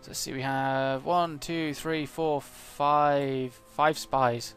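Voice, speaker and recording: A man's voice: mid-range voice, steady tone, slow, fairly bright tone, faint music behind. A man commenting on his own strategy game as he plays, thinking aloud with frequent hesitations and fillers. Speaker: let's play gamer.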